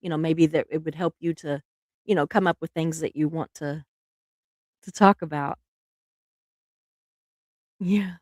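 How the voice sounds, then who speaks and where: A woman's voice: low voice, fairly even intonation, a little slow, long pauses, a little mellow, no echo, clean studio sound. A middle-aged woman, hosting a casual live stream, chatty and laughing often, trailing off mid-sentence.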